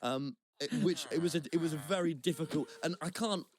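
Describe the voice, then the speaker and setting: A man's voice: fairly high pitch, brisk. A young man co-hosting a chat podcast, telling a rambling, self-deprecating story with lots of restarts. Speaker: podcast co-host. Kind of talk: casual anecdotal storytelling. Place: Brighton.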